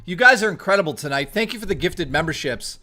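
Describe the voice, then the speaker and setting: A man with a slightly raised pitch chats on a live stream. His storytelling rambles and is peppered with profanity. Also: expressive, fast talker, pushed and bright, faint music behind. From Toronto, Canada.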